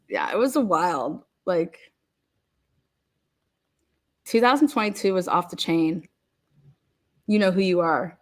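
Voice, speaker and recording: An online commentator with a lowish, darkish-toned voice tells stories in casual chat. She swears freely, laughs often, and fills her talk with "like."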